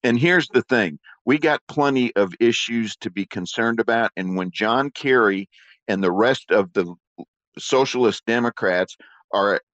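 A man's voice: mid-range voice, no echo. A man co-hosting political talk radio, folksy and opinionated, rambling with fillers. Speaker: radio talk show co-host. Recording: dull lo-fi broadcast sound.

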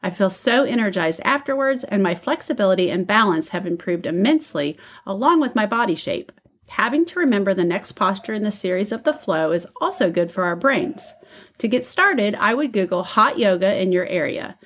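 A woman's voice: medium pitch, lively intonation, fairly quick, fairly bright tone. A woman co-hosting a podcast from a room at home, chatting and reading listener letters aloud. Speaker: podcast co-host.

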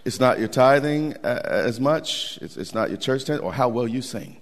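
A man preaching a sermon as pastor, animated and folksy, repeating words for emphasis. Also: mid-range voice, normal speed. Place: church sanctuary. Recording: long hall reverb.

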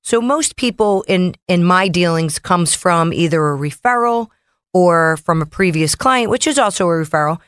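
Female mortgage officer, radio co-host, brisk and chatty, dry close mic. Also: fairly low pitch, lively intonation, a bit bright, clean tone, dry recording. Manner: brisk, chatty, reels off figures. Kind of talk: casual radio talk. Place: radio studio.

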